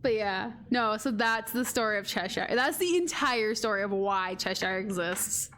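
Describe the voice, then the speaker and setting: A woman's voice: medium pitch, normal speed, a bit bright, slight background noise. A woman streamer casually telling a rambling story, chatty and quoting others as she goes. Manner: rambling, chatty, quotes her sister. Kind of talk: casual storytelling while gaming.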